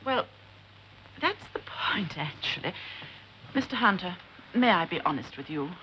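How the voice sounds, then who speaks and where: A woman's voice: fairly low pitch, very animated, measured pace, sharp tone, heavily acted. A woman playing an affected, gushing upper-class lady in a 1960s TV sitcom. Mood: wheedling. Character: pushy upper-class woman, wheedling and vain. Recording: dull hissy 1960s TV recording.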